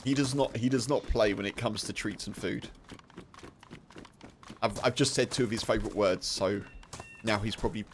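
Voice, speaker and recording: A man's voice: lowish voice, normal speed, long pauses, a little hiss or hum. A British man chatting casually while streaming a game, rambling, laughing and full of fillers.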